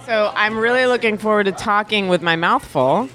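A woman's voice: mid-range voice, moderate pace, crowd noise. A woman guesting on a podcast, chatting playfully at a restaurant table. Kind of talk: casual podcast chat.

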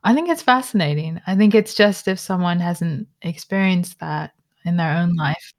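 A woman's voice: on the low side, moderate pace. A woman interviewing a guest in a casual conversation, giving brief, reflective replies.

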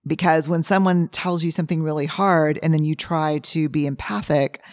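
A hoarse woman hosting a podcast, telling animated stories in a casual monologue and acting out what people said. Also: sits low, moderate pace, dry recording, clean studio sound. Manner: animated storyteller who acts out quotes, with frequent restarts. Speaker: podcast host and researcher. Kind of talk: casual monologue answering listener questions.

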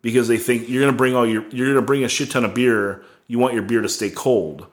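A man's voice: mid-range voice, quick pace. A young man casually telling a rambling, profane tour story, full of "like" and laughs. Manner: rambling, heavy on "like", swearing, laughing.

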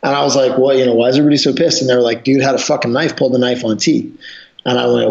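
A man's voice: mid-range voice, quick pace, creaky. A man telling wild stories in a casual, profane, rambling chat. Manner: profane, rambling, animated storyteller. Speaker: podcast guest, jiu-jitsu instructor. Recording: roomy, dull lo-fi sound.

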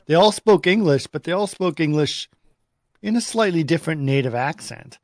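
A man co-hosting a casual film discussion, talking in halting, rambling sentences full of restarts. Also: a little high, expressive, noisy background. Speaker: podcast co-host.

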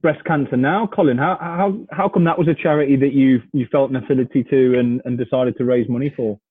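A man hosting a casual interview, asking relaxed questions. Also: medium pitch, a little fast, breathy edge, no room sound. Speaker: podcast host. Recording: tinny, phone-like line.

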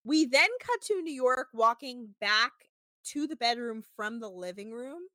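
A woman's voice: a little high, expressive, unhurried, sharp tone, no room sound. A woman hosting a podcast, recapping a reality show in rambling casual chat, swearing freely. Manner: rambling, swears freely, quotes people in bursts.

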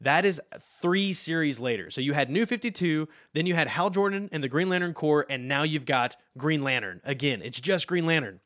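A man in casual chat who explains comic lore with enthusiasm, often trailing off quietly. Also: fairly high pitch, animated, moderate pace, hardly any pauses, dry recording, clean studio sound. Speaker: podcast co-host explaining comics.

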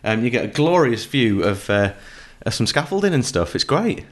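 A man's voice: medium pitch, big pitch swings, moderate pace. A man co-hosting a live podcast, chatting casually and laughing often. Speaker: podcast co-host. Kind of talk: casual chat. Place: home room.

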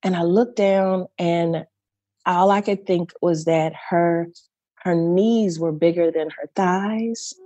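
A middle-aged woman speaks as an interview guest, her voice mellow and a little low. She tells her story with feeling, often circling back, repeating and restarting her phrases. The sound is dry and close. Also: fairly even intonation, slow, no room sound, muffled recording. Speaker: guest performer.

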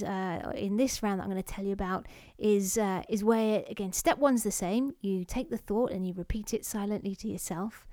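A woman's voice: mid-range voice, darkish tone, dry recording, studio quality. A woman hosting a self-help podcast, explaining exercises step by step in a friendly way with a few fillers. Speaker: podcast host.

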